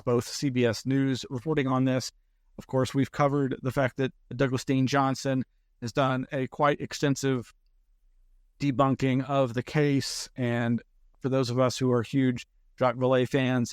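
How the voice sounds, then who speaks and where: A man with a smooth, resonant voice hosts a casual live-stream news roundup. He rambles and wanders through his thoughts, stopping and correcting himself mid-sentence. The sound is dry and close, with no room around it. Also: mid-range voice, dry recording. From Texas. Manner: chatty, rambling, self-interrupting. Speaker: host of a weekly news roundup show.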